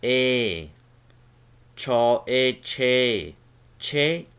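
Male language teacher, low smooth voice, very slow and deliberate drilling of sounds. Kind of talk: slow pronunciation lesson.

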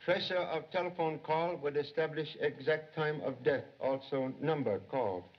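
A composed, sage detective in an old film, as an actor plays him, his voice sitting a little high. He speaks in terse, clipped sayings that drop the small words. The sound is dull and lo-fi, like a 1930s soundtrack. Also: normal speed, natural voice. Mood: deductive. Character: calm, wise middle-aged male detective.

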